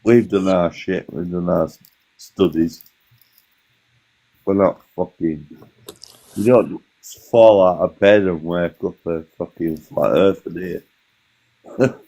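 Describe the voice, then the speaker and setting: A deep, slow-spoken man hosting a livestream, his voice dark and relaxed. He banters with guests, laughing often and swearing freely. The audio is muffled and lo-fi. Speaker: livestream host. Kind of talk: casual chat.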